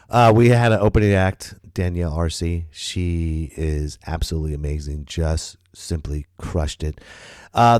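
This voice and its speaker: A male comedian talks through a loose podcast monologue in a lowish voice, rambling and lively, with profanity and stumbles. The sound is dry and close, with no room around it. He jumps from story to aside with animated emphasis. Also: no room sound. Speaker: stand-up comedian and podcast host.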